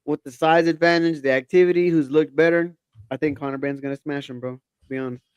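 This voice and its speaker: A man co-hosting a casual combat sports podcast, giving confident predictions in a relaxed, slangy way. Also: fairly high pitch, fast talker, clear, resonant tone, no room sound. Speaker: podcast co-host.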